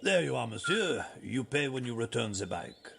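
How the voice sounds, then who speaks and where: A man's voice: mid-range voice, sing-song, normal speed, vocal fry, a bit bright, a little hiss or hum. An actor playing an obsequious bike-rental man in a video game. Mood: wheedling. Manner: obsequious, wheedling.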